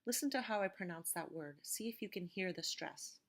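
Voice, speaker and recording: A woman teacher giving a recorded vocabulary lecture and reading word lists slowly, stressing each syllable with care. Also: mid-range voice, animated, a bit bright. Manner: slow, careful pronunciation drills.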